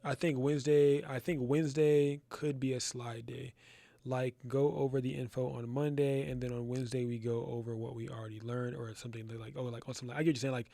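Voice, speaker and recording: Young male class host, gravelly and dry-sounding, loose rambling slang. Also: mid-range voice, flat delivery, brisk, dark tone, no room sound. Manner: loose, rambling, slangy, says "bro" a lot. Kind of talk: casual live-stream chat. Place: his photo studio.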